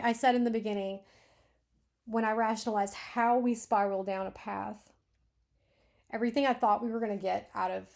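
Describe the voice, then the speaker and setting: A woman reading a manuscript aloud and critiquing it, thinking aloud with frequent self-corrections and sometimes dropping to a soft whisper. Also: mid-range voice, gravelly. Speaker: beta reader.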